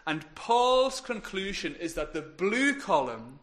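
Earnest preacher with a higher voice. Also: male voice, sing-song, slow pace. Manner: earnest, builds to emphatic peaks then drops quiet. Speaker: pastor. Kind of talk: sermon.

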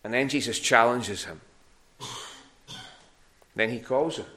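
A man preaching a sermon in a church hall, his voice sitting at an ordinary middle pitch. He talks conversationally and often repeats a word as he reaches for the next. The tone is plain and unhurried. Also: animated, fairly bright tone. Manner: conversational, repeats words while searching.

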